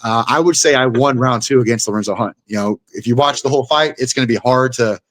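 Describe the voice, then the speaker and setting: A man's voice: medium pitch, fast talker, no room sound. A young man, a guest fighter, telling a fight story in casual chat. He swears freely and acts out the blows with sound effects.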